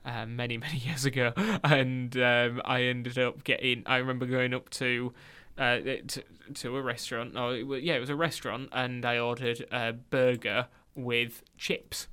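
Young British male radio co-host, mid-pitched, chatty and self-mocking. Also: level tone, normal speed, pushed and bright, clean tone. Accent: British English. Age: young adult. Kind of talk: casual radio chat.

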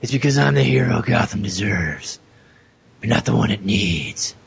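A man voicing a brooding superhero vigilante in a cartoon parody, with a gravelly voice and a flat, matter-of-fact manner. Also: mid-range voice, normal speed, full character voice. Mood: deadpan. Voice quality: gravelly, husky. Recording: cartoon audio with music behind.

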